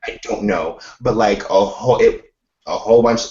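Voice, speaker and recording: A man chatting casually on a video call about making reaction videos, excitable and full of "like". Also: lowish voice, normal speed. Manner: animated storytelling, excitable, lots of "like". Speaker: K-pop reaction YouTuber, live chat host. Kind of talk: casual chat. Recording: echoey, distant, lo-fi call audio.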